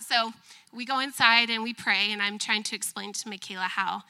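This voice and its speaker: A woman in her thirties telling a lively, self-mocking story as a testimony during a church service, laughing often. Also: a little high, moderate pace. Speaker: church member giving a testimony.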